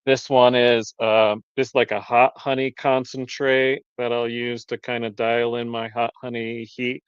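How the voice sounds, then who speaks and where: Chatty beekeeper man, smooth voice. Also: medium pitch, level tone, a little slow, no room sound. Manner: chatty, explains products in detail. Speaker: beekeeper selling honey. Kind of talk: casual live-stream chat. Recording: dull lo-fi stream audio.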